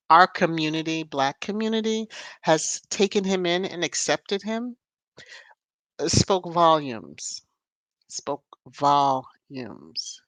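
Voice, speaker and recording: A woman's voice: low voice, fairly bright tone, no echo. A woman hosting a casual livestream, chatting with viewers, greeting them by name and laughing often. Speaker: livestream host.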